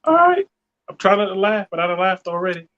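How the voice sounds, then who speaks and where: Podcast host guy, joking around a lot, voice sits kinda high and jumps all over. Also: quick pace, dull audio, slight background noise. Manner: playful, animated banter with slang. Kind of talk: casual group chat on a live podcast.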